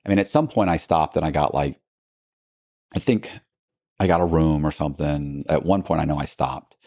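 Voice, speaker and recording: A man's voice: very deep voice, normal speed, a little mellow, no echo, clean studio sound. A man, a podcast guest, telling a long story in a casual, rambling way, full of restarts and asides and acting out what people said.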